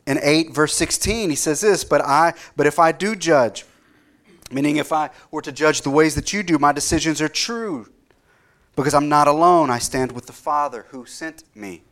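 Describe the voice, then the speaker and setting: A man's voice: fairly high pitch, moderate pace, fairly bright tone. Earnest man preaching a sermon. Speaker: pastor.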